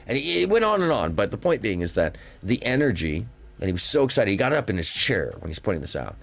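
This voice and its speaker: A man's voice: deep voice, very animated, fast, vocal fry. A man hosting a live call-in stream, telling stories in a rambling, emphatic way. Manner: rambling storyteller, emphatic, drifting pace. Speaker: livestream call-in host. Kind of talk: casual call-in chat.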